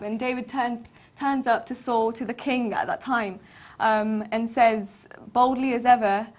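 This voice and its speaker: A woman's voice: a little high, fairly even intonation, a little slow, darkish tone. A woman co-hosting a casual Bible discussion, laughing often between her phrases. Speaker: co-host.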